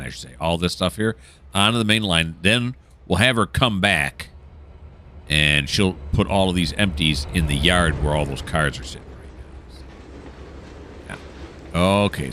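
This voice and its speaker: With a low, sharp-toned voice and slight background noise, this gameplay commentator casually talks through a train simulator game. He jokes, teases himself, and rambles as he plays.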